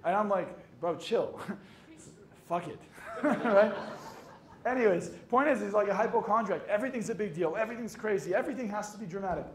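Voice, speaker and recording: A man's voice: high voice, fast talker. A young man, a hypnotist and coach, giving a motivational talk, swearing casually and acting out his own stories. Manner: swearing, jokey, acts out dialogue. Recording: echoey room with faint noise.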